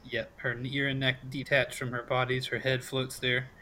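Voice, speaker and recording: A man's voice: mid-range voice, monotone, moderate pace, sharp tone, rough recording. A man narrating as game master of a tabletop game, casual and full of fillers.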